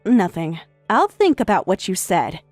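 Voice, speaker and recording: A woman's voice: medium pitch, sing-song, measured pace, a little mellow, no room sound, faint music behind. A synthetic woman's voice reading a tired young wife who answers back firmly and pointedly. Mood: defiant. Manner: firm, pointed replies. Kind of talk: text-to-speech story reading.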